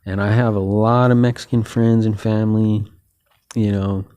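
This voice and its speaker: A host delivers a casual boxing talk monologue, a loose solo sports chat that wanders between points and leans on fillers like "you know." His voice is a little low, dark, mellow and smooth at a moderate pace, and he sounds relaxed and opinionated.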